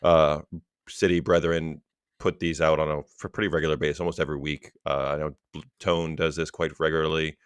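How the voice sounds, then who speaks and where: Man, podcast co-host, very deep, encouraging, dry close-mic sound. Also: a little fast, smooth, dry recording. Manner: sincere and encouraging, steady delivery. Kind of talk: casual podcast talk.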